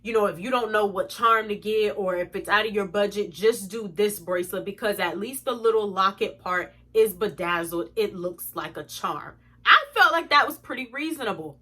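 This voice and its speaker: Bright-voiced young woman telling a story. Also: medium pitch, moderate pace. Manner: animated, exasperated, swearing freely. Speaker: vlogger. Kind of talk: storytime vlog.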